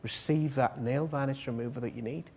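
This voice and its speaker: A man preaching a sermon and leading prayer, swinging between loud pleading appeals and soft, low passages. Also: fairly even intonation, a little fast, vocal fry, a little hiss or hum.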